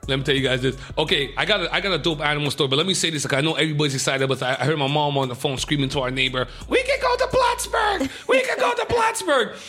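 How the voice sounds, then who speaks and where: A man hosting a radio show, reading the news in a casual, excitable way with jokey asides. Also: medium pitch, rapid-fire, few pauses, faint music behind.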